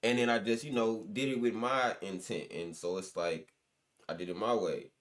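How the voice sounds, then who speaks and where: A man's voice: fairly low pitch, steady tone, moderate pace, a bit bright. A young man, a guest musician, telling stories in loose, slangy casual chat with lots of restarts.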